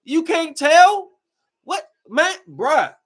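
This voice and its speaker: A man hosting a podcast, giving a casual, slangy movie review with emphatic rants and quick asides. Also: very high-pitched, expressive. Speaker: podcast host.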